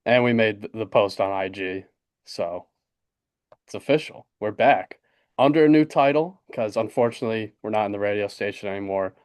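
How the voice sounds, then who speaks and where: A young man in his twenties co-hosting a casual sports podcast, excited and rambling with lots of fillers. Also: fairly low pitch, moderate pace, smooth, no room sound, clean studio sound. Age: 20s. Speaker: podcast co-host. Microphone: desk podcast mic.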